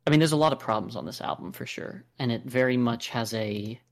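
An American man co-hosts a podcast, chatting casually about an album in a medium-pitched voice at a slightly fast clip. His review talk is full of fillers and restarts.

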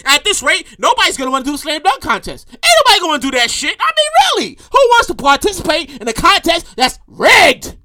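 A woman's voice: very high-pitched, fairly quick, few pauses. A woman hosting her own show, ranting in casual commentary, swearing freely and acting out what people said. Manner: animated, profane, acts out quotes. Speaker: show host.

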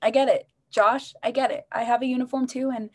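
A woman co-hosts a podcast in a casual chat, her voice on the high side with fairly even intonation and a fairly quick pace. She speaks hesitantly, with lots of fillers.

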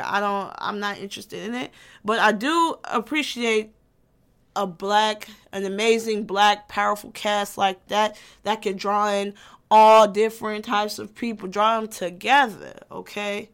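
A woman's voice: medium pitch, fairly bright tone. A woman in her twenties talking casually as a vlogger, loose and profane, often restarting her sentences. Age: 20s. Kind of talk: casual chat.

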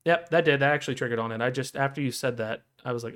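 A man's voice: medium pitch, racing, fairly bright tone. Chatty man rambling with fillers. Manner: rambling, many fillers and restarts. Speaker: podcast co-host. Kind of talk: casual chat.

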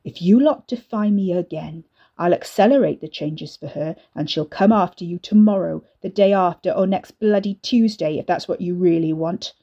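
Here is a woman putting on a swaggering young thug from a dark storybook, all sneering menace and coarse threats. The tone is warm and mellow, with a husky, breathy edge. The recording sounds dull and lo-fi. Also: on the low side, moderate pace. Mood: menacing. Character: menacing swaggering young man, bully brother.

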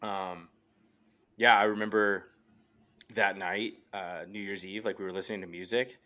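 A man in his late twenties, a podcast guest on a remote call microphone, rambles earnestly through a personal story packed with "like" fillers. His voice is on the low side and sharp in tone, with fairly even intonation and a moderate pace, in casual storytelling.

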